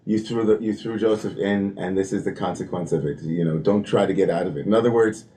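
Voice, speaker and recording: A man's voice: low voice, brisk, warm tone. A man leading a text study at a service, talking in a chatty, conversational way with many "you know"s and "right?"s, reading Hebrew passages aloud and then explaining them.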